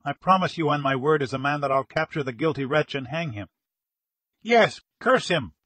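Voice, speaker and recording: A man voicing a gruff veteran police inspector who speaks in a firm, soothing way. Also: on the high side, expressive, moderate pace, sharp tone, dry recording.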